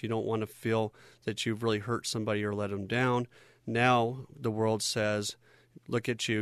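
A man with a fairly low voice explains a skill step by step. He keeps it conversational and checks in with listeners as he goes. The sound is dry and close. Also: dry recording. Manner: conversational, checks in with "okay?" and "right?". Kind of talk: instructional talk.

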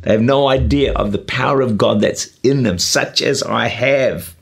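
A man's voice: mid-range voice, normal speed, vocal fry, fairly bright tone, breathy edge, soft background music. A man preaching a sermon in an earnest, exhorting way, with frequent "uh" and "you know". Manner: earnest, exhorting, with frequent 'uh' and 'you know'. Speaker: pastor and radio preacher. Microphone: camera-recorded sermon.

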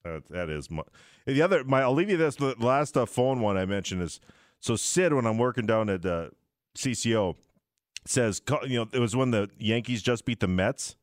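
Lively man telling radio stories. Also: mid-range voice, normal speed, no room sound, clean studio sound. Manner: lively, giggly, repeats words as he starts. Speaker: radio sports broadcaster. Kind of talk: casual storytelling chat.

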